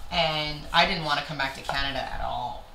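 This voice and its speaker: A woman's voice: low-pitched, fairly quick, a little hiss or hum. A young adult woman, a stand-up comic, telling stories in a casual chat and swearing freely. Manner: animated storyteller, swears freely. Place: kitchen. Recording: roomy kitchen with clattering dishes.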